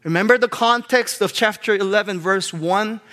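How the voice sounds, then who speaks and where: High-voiced impassioned male preacher. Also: normal speed. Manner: impassioned preaching, swinging from loud high bursts to quiet hushed storytelling. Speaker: pastor. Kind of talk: sermon.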